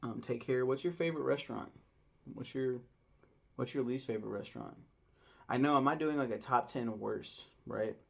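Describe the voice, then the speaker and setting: Casual male vlogger, thirties, gravelly mid-range voice, rambling, excitable food talk. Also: mid-range voice, normal speed. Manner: rambling, enthusiastic, many fillers and laughs. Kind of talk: casual vlog chat.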